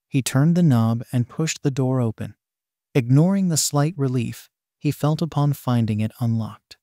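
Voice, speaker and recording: A man reading fan fiction aloud as narrator, with steady storytelling. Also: medium pitch, moderate pace, no echo, studio quality.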